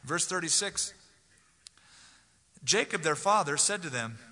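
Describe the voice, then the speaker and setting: A man preaches an expository sermon with a lively, swooping delivery, acting out the people in the story in little voices. His voice is bright and fairly high for a man. A long reverb from a large church hall trails behind him. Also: unhurried. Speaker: pastor.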